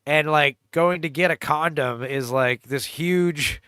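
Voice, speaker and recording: A man's voice: fairly high pitch, measured pace, bright, forceful tone, smooth, dry recording, studio quality. A man hosting a casual movie riff, rambling with lots of fillers and laughs, cracking crude jokes. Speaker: podcast host riffing on a movie trailer. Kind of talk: casual chat.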